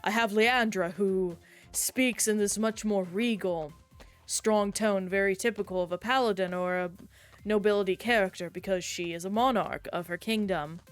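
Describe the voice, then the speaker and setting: A woman streamer in casual, chatty conversation while playing a game, reacting aloud in an animated way. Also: mid-range voice, moderate pace, faint music behind. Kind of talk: casual gameplay chat.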